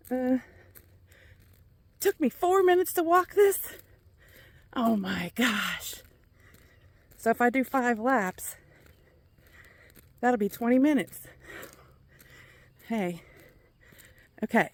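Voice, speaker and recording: A woman's voice: a little high, darkish tone. A middle-aged woman with a Kentucky accent, out of breath as she chats casually with viewers while walking laps outdoors. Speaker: vlogger. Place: outdoors, walking around a neighborhood.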